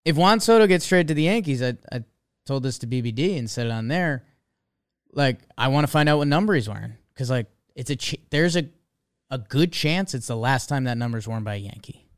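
A young man hosting a casual sports podcast, excitable and rambling, jumping between thoughts. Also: medium pitch, fairly quick, clean tone.

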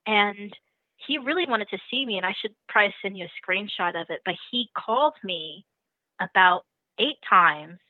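A young woman on a call-in show spills a story with animated energy and frequent laughs. Her voice comes through a tinny phone line with no room around it. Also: medium pitch, moderate pace, no echo. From lives in the Netherlands. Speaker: caller. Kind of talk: casual storytelling.

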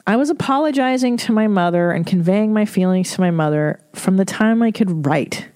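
A woman's voice: mid-range voice, fairly quick, a little mellow, smooth, dry recording. A woman hosting an advice podcast, talking candidly and emotionally, swearing freely as she reads listener letters aloud. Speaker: podcast host. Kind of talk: casual advice podcast monologue.

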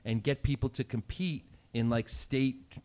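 A man who is a guest on a podcast, chatting casually and telling animated stories with lots of "like" and "um". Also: mid-range voice, measured pace, a little hiss or hum. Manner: animated storytelling with many fillers. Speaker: podcast guest and quiz contestant. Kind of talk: casual chat.

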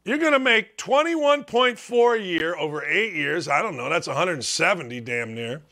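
A man's voice: fairly high pitch, very animated, normal speed, sharp tone. A middle-aged man hosting a sports talk show, delivering a blunt, emphatic, sarcastic monologue. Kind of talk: opinionated monologue.

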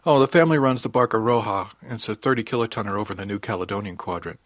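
A man's voice: lowish voice, very fast, no echo, clean studio sound, lightly acted. A man reading the part of a cheerful middle-aged woman spacer who teases easily and sounds motherly. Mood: wry. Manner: teasing, easygoing.

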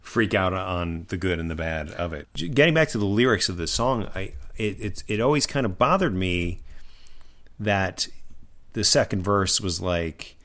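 A man's voice: deep voice, lively intonation, normal speed, a bit bright. A middle-aged man co-hosting a podcast in casual chat, reflective and hesitant, with many fillers. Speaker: podcast co-host.

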